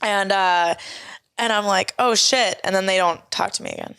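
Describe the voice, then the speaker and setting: A woman's voice: medium pitch, steady tone, moderate pace, creaky, fairly bright tone, clean tone. Bawdy laughing young woman co-host. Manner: bawdy, laughing, playful storytelling. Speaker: podcast co-host. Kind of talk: casual chat.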